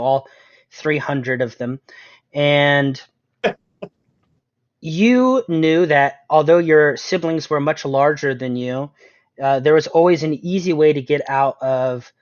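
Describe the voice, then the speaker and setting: A fairly high-pitched man acts as game master, narrating a tabletop game in a talkative way with lots of laughing and ums. There's no echo; the sound is dull and lo-fi from a dry room.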